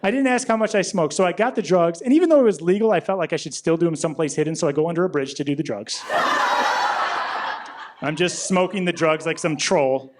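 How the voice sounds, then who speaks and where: A young man doing a stand-up comedy set in a club, telling stories deadpan and acting out the other people with quick voice shifts. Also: fairly high pitch. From Rockford, Illinois. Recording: live club recording with audience noise. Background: audience laughter.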